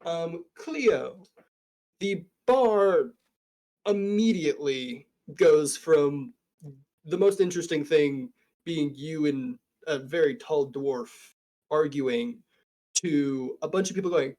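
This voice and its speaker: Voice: medium pitch, takes it slowly, dark tone. A game master narrating a tabletop game, improvising with frequent fillers.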